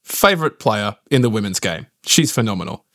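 Man, podcast co-host, animated and wry, dry close sound. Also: lowish voice, a little fast, no echo. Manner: wry, teasing, lively storytelling. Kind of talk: casual cricket podcast chat. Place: his house.

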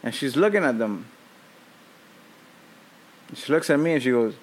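A man hosting a show, telling a comic story about his week in an animated, profane way and laughing at his own jokes. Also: high-pitched, moderate pace, pauses often. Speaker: host.

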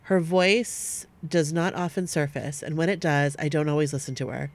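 A woman co-hosting a podcast, reading listener stories aloud at a steady pace and breaking off now and then to chat with her co-host. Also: deep voice, moderate pace.

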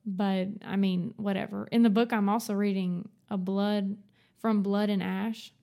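A woman's voice: mid-range voice, little pitch movement, creaky, dark tone. A woman, co-hosting a casual, rambling book podcast and laughing often. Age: 20s. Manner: chatty, rambling, quick to laugh. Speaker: podcast co-host. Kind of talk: casual book-club chat.

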